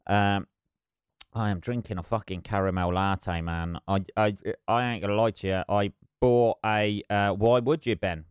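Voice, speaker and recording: Sweary, rambling man, low voice. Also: steady tone, normal speed, clean tone, dry recording, clean studio sound. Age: middle-aged. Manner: rambling, sweary and self-mocking. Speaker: podcast host. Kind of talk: casual solo podcast chat.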